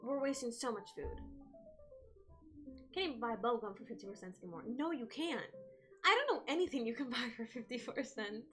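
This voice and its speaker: A young woman streamer talks casually with her viewers and tells stories in an animated way. Her voice sits high and sounds bright, and her pitch swings widely. Faint music plays under her talk. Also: fairly quick. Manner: chatty, animated storytelling. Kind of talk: casual chat with live viewers.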